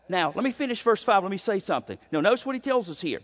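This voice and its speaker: A male pastor preaching a sermon, emphatic, with sudden swings in pitch and pace. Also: lively intonation, fast, hardly any pauses. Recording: dull sound with long hall reverb.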